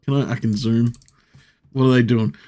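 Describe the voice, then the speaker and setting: A man's voice: mid-range voice, fairly even intonation, normal speed, mellow. A man streaming live, ranting and swearing with frequent laughter as he comments. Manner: profane, ranting, laughing often.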